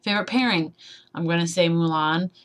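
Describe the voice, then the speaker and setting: Here the same young vlogger, twenty-one, speaks on the low side and a touch quickly while doing a laid-back tag video. Slightly sleep deprived, she wanders from point to point, laughing at her own expense.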